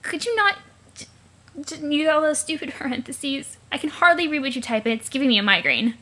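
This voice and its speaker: Weary, grumpy teenage girl, blunt delivery, high voice; a woman reads her. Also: lively intonation, a little fast, bright, forceful tone. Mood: cranky.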